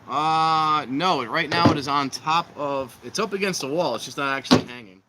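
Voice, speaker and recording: A man's voice: on the high side, normal speed, heavy background noise. A man hosting a casual livestream outdoors by a fire pit, rambling and joking with his viewers. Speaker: livestream host.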